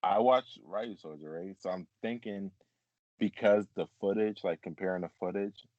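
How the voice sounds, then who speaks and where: A very low-voiced man chatting casually on a fan podcast, rambling along with plenty of "like"s. His voice sits dry and close, with a dull, lo-fi sound to the recording. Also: normal speed, a little mellow, no room sound. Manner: laid-back, rambling with many "like"s. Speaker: podcast co-host. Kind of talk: casual chat.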